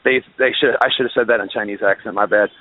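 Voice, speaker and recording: A man's voice: lowish voice, fairly even intonation, quick pace. A man calling in as a guest musician, talking in a ranting, profane way and often restarting his sentences. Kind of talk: casual phone-in interview. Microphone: phone. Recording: tinny phone line.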